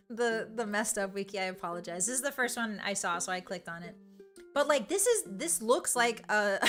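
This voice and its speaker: A woman's voice: fairly high pitch, bright, forceful tone. A young woman streaming live, chatting casually and reading her chat, playful, giggly and teasing. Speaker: virtual streamer.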